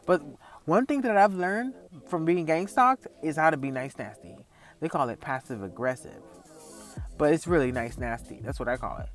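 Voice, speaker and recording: A man's voice: fairly high pitch, expressive, moderate pace, faint music behind. A man telling a story in a casual, profane vlog rant and laughing often. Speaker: vlogger.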